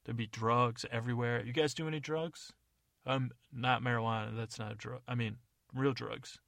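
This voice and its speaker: A man delivering a loose, improvised comic monologue with deadpan asides. His voice has a gravelly, rough edge. The sound is dry and close, with no room echo. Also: medium pitch, normal speed. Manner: rambling, self-correcting, deadpan asides. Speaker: comedy podcast narrator.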